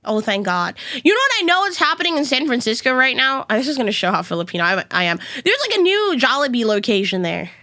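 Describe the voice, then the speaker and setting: Bright-voiced young woman streamer rambling. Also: high voice, big pitch swings, quick pace, few pauses, no echo. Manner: rambling, chatty, swears freely. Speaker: VTuber streamer. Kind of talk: casual stream chat.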